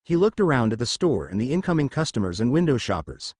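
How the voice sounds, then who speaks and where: A man narrates a fan fiction story in an animated, expressive read, his pitch moving up and down freely. The sound is close and dry, with no room around it. He marks the characters' lines with small shifts in his voice. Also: fast, husky, no room sound.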